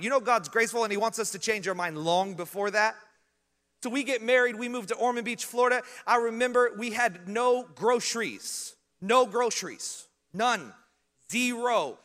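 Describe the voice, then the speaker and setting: A man's voice: sits high, normal speed, in a large hall. A young adult man preaching, telling humorous stories and laughing along with them. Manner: humorous, animated, laughs at his own stories. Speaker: pastor. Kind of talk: storytelling sermon.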